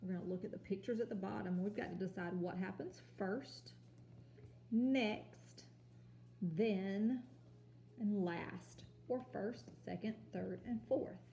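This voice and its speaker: A woman teaching a kindergarten home lesson on video, sounding out letters and words slowly and patiently. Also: medium pitch, vocal fry, mellow, reverberant, a little hiss or hum. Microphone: phone or camera.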